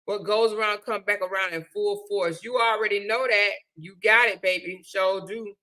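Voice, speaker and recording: A woman's voice: medium pitch, fairly even intonation, moderate pace, sharp tone. A middle-aged woman hosts a live stream, giving sassy, preachy advice and calling her viewers honey and child. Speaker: livestream host. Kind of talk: casual live-stream chat.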